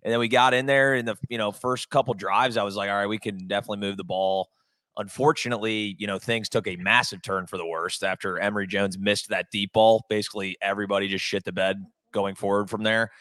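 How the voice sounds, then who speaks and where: A man's voice: fairly low pitch, fairly even intonation, a little fast, few pauses, a bit bright, no room sound. A young man co-hosting a podcast, telling sports stories in a laid-back, joking way. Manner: laid-back storytelling, silly voices for jokes. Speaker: podcast co-host. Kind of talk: casual sports chat.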